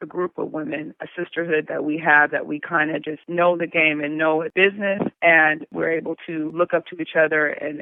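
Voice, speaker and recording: A woman's voice: sits low, vocal fry, no room sound, narrow, tinny audio. A woman who works in radio, chatting candidly and laughing easily as an interview guest, calling in from her recliner at home. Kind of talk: casual interview chat.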